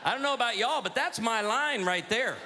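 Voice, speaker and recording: High, bright-voiced man doing stand-up. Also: slight background noise. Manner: animated storytelling with quick asides to the crowd. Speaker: stand-up comedian at church comedy night. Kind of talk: stand-up comedy routine. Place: church hall on stage. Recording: hall reverb with faint audience ambience.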